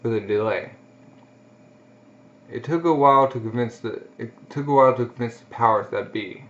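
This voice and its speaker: A man's voice: mid-range voice, moderate pace. A man giving casual, reactive commentary while he reads a manga aloud, on a dull lo-fi recording. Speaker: manga reader. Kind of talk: casual read-along commentary.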